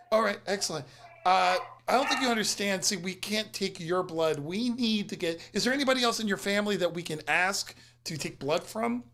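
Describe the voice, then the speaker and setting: A woman's voice: medium pitch, moderate pace, a bit bright, a little hiss or hum. A woman improvising a comedy scene as a hospital worker, cheerful and overly polite.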